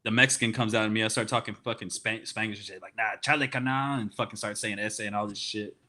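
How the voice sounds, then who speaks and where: A man's voice: lowish voice, little pitch movement, fast talker, pushed and bright. A man chatting casually on a podcast, telling rambling stories full of swearing and getting heated. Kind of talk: casual profane chat.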